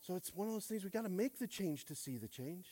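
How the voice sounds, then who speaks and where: A male pastor delivering a sermon, casual and conversational, who moves between loud calls and quiet asides and keeps asking the congregation for a response. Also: high voice, fast talker. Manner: animated preaching, swinging from shouts to quiet asides; casual, conversational phrasing with frequent restarts.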